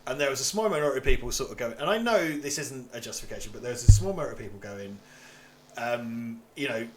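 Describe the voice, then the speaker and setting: A man's voice: medium pitch, expressive, quick pace, a little hiss or hum. A man from England chatting casually as co-host of a livestream, rambling, swearing and laughing often.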